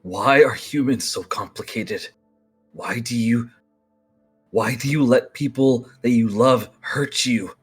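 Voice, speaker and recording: Companion role: man doing a brooding inhuman protector, low, husky and slow. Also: soft background music. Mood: bitter. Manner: low, grave, menacing. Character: fiercely protective non-human male companion, brooding.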